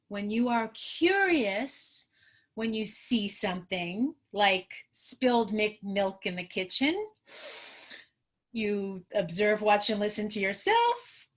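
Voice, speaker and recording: Brief: middle-aged woman from New York, trauma therapist explaining parenting tools on a video call, earnest and warm-paced. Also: medium pitch. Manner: earnest, teaching, talks with her hands. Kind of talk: educational webinar talk.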